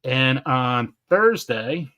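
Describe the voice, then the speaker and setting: A man hosting a gardening live stream in casual chat, excitable, laughing often and stumbling over names. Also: mid-range voice, drawn-out words.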